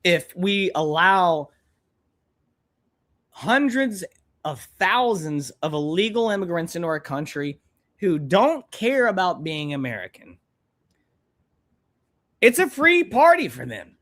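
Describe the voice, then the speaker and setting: This young live streamer talks slowly with long pauses, his high, fairly bright voice very animated and rising and falling. Angry and blunt, he curses freely while commenting on a clip.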